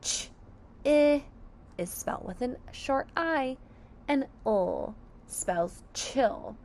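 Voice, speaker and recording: A woman's voice: on the high side, lively intonation, slow, a little mellow. A woman teaching a phonics lesson to young children, sounding out each word syllable by syllable with careful enunciation.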